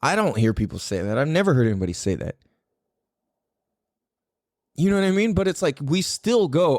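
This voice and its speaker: A man hosting a podcast talks in a casual, freewheeling monologue, swearing freely as he thinks out loud. His voice sits a little high and swings widely in pitch. The sound is close and dry. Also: normal speed, pauses often, no echo. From United States. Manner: animated, swears freely, muses aloud. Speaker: podcast host.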